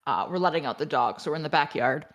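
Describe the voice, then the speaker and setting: A woman guest on a podcast chats casually, telling stories with animation, laughing often and swearing casually. Her voice is low and she talks fast.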